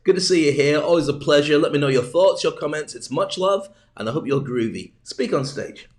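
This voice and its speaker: A man delivers a jokey, wandering stand-up style monologue. His voice sits a little higher than most men's, and he keeps drifting off on tangents before pulling himself back. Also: brisk, darkish tone. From north of England. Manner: rambling, jokey, digressing. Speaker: host and speaking coach. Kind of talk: comic monologue.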